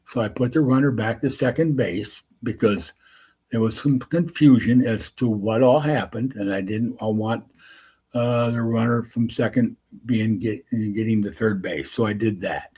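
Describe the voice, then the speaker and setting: Husky man telling an umpiring story. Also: on the low side, measured pace, mellow. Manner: rambling anecdote full of restarts and asides. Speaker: softball umpire and show host. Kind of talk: casual storytelling.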